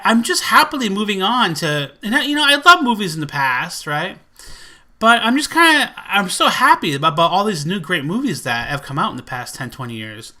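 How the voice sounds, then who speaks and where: A man chatting casually in a collection vlog, rambling and excitable, full of fillers. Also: high voice. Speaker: movie collector vlogger.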